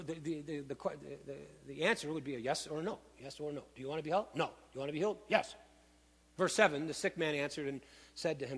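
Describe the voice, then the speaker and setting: A man preaching a sermon, emphatic and animated, with dramatic asides. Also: fairly high pitch. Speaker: pastor. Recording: long hall reverb.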